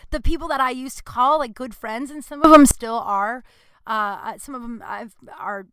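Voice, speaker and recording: A woman comedian hosting her podcast, telling stories in a blunt, profane, animated way. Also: fairly high pitch, moderate pace, clear, resonant tone, dry recording. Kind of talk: casual storytelling monologue. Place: indoor room.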